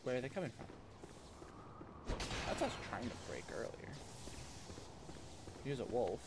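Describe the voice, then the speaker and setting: A young American man streaming a video game, muttering to himself and then breaking into exasperated yells at the screen. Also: mid-range voice, measured pace, very noisy. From United States. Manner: excitable, swinging from muttered self-talk to exasperated yelling. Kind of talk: live gameplay commentary.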